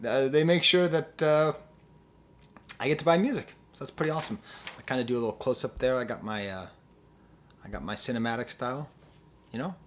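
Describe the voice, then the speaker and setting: A man's voice: mid-range voice, brisk, long pauses, a little hiss or hum. A man reviewing an album on his channel, ranting with sarcastic rhetorical questions and growing impassioned. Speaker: music reviewer.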